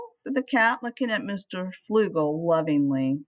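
A woman teacher reading a children's picture book aloud with expressive storytelling. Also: on the low side, normal speed, hardly any pauses.

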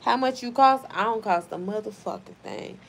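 A woman's voice: medium pitch, animated, normal speed, creaky, a little hiss or hum. A woman hosting a casual livestream, reading viewer comments aloud and answering them in a blunt, profane, playful way. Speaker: livestream host.

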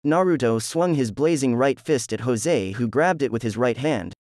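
Male narrator, steady flat read, mid-pitched, dry close recording. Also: normal speed, no echo. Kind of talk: reading fan fiction aloud.

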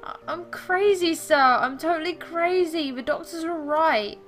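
A woman's voice: on the high side, moderate pace, fairly bright tone, faint music behind, lightly acted. A woman voicing a troubled, timid young girl who speaks earnestly and anxiously while reading game dialogue.

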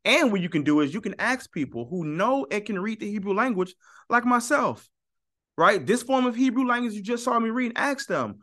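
A man lecturing his viewers with a lively, swinging pitch that goes from high and pushed to low and muttered. His tone is bright and forceful, and he argues his point, repeating lines to hammer them home. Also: normal speed. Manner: emphatic, argumentative, repeats for stress. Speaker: YouTube teacher. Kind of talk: animated teaching monologue.

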